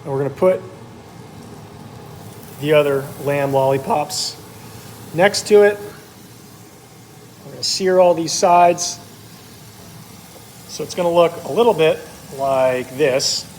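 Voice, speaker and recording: A man's voice: a little high, slow, pauses often, a little mellow, a little hiss or hum, poor audio. A man talking while he cooks, rambling with many ums and uhs, as meat sizzles in his kitchen. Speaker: cooking vlogger. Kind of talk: casual talk while cooking. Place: kitchen with food searing.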